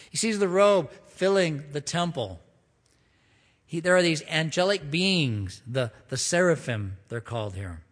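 A man preaching a sermon, leading a prayer and reading scripture in an earnest, emphatic way, slowing down to stress key phrases. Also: medium pitch, a bit bright, long reverb tail. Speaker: pastor.

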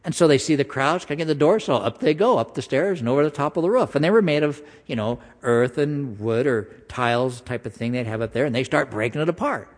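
A man preaching a sermon in a conversational style, slowing down for emphasis and acting out voices. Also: medium pitch, lively intonation. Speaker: pastor. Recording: long hall reverb.

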